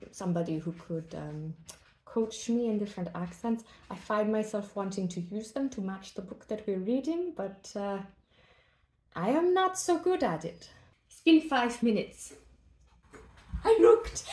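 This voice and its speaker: A young woman chatting playfully while she bakes in her kitchen, often dropping into a whisper. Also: mid-range voice. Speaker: book vlogger. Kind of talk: casual chat while baking. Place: home kitchen. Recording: echoey kitchen.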